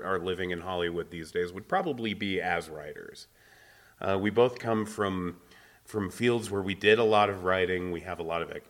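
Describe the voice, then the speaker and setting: Male podcast co-host, lowish voice, wordy, self-correcting film talk. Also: fairly bright tone. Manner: wordy, self-correcting, builds points in long lists. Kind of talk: casual movie review chat.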